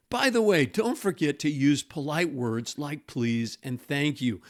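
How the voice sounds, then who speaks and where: A middle-aged man with a slightly raised pitch gives a scripted talk as a pastor and marriage coach. He speaks in a measured way, slowing down to stress key points. He often quotes scripture and sample phrases. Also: lively intonation.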